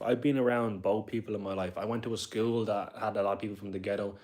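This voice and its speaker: A young Dubliner talks fast on his live stream, his voice low, darkish and fairly even in intonation. Rambling and chatty, he reads out what viewers write and talks back to them.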